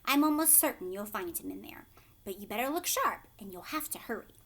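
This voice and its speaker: A woman reading aloud, voicing an eccentric, giggling male chocolate maker who speaks in a playful, often hushed and breathy way. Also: medium pitch, lively intonation, fairly quick.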